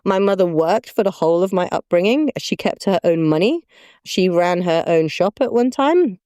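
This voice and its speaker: A woman co-hosting a podcast, telling animated stories and laughing often. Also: on the low side, moderate pace, clean tone, no room sound, studio quality. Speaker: podcast co-host. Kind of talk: casual conversational chat.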